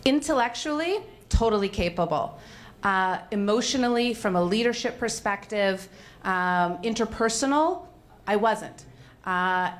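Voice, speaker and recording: A woman's voice: medium pitch, fairly bright tone. A young adult woman from Canada gives a candid, self-mocking storytelling talk on stage about her own failures, swearing freely. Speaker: speaker at a failure-stories event.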